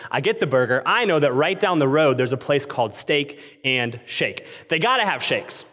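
A man in his thirties delivers a sermon, his voice sitting a bit high for a man. He shifts between loud excitement and hushed intensity as he tells his story. A long reverb trails each phrase, as in a large church hall. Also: moderate pace, hardly any pauses. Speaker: pastor.

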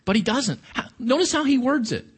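A man with a high voice delivers a sermon. He talks to his listeners casually but with emphasis, often asking them questions. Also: expressive, a little fast, husky. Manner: conversational, emphatic with rhetorical questions. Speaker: preacher.

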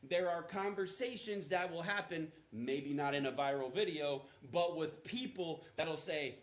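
A male pastor delivers a sermon in a loose, conversational way, with asides to the congregation. His voice sits a little high. The sound carries the echo of a large church room. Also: unhurried, few pauses. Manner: conversational preaching, asides and acted quotes. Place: church auditorium.

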